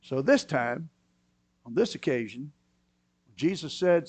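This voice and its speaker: A man preaching a sermon, moving between quiet, low asides and loud, emphatic bursts. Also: expressive, a little slow, vocal fry, pauses often, husky, dry recording. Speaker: pastor.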